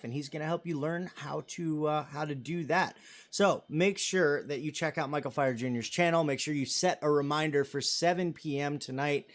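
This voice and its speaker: Rambling, slightly high-voiced male streamer. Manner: rambling and chatty, reads out viewer comments; self-deprecating and joking. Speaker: live stream host. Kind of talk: casual live stream chat.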